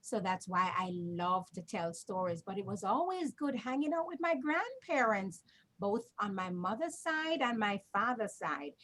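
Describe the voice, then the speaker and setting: A woman's voice: medium pitch, animated, a little slow, a bit bright. A woman storyteller on a video call, chatty and reminiscing, often checking in with her listeners. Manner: chatty, draws listeners in with "right?". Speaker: co-host and storyteller. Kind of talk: warm reminiscing chat.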